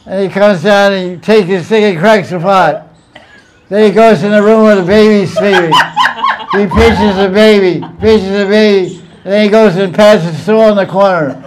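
A man's voice: high-pitched, fairly even intonation, moderate pace, background noise. A man giving an informal spiritual talk, telling stories with playful asides and frequent chuckles. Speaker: spiritual teacher.

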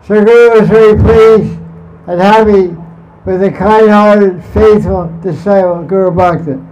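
A man with a high voice tells a devotional story the way a spiritual teacher would. He rambles, chuckles and often restarts his sentences. The recording is dull and lo-fi. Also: fairly even intonation, measured pace, noisy background. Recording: muffled lo-fi recording.

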